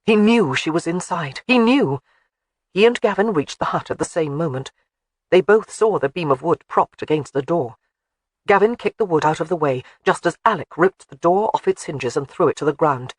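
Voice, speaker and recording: Expressive male audiobook narrator, dry sound. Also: fairly high pitch, brisk, dry recording. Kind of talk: scripted narration.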